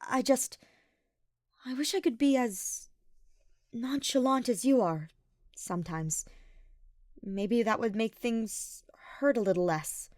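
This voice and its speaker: A woman's voice: a little high, slow pace, pauses often, dry recording, clean studio sound, voice pushed up. A woman voicing an anxious young knight. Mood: worried. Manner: soft, worried and hesitant. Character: earnest, anxious young male archer knight.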